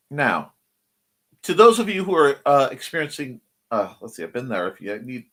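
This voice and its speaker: A man's voice: mid-range voice, very animated, unhurried, long pauses, fairly bright tone. A man hosting a casual live-stream show, reading viewer comments aloud in a playful way. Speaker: host of a creative morning show.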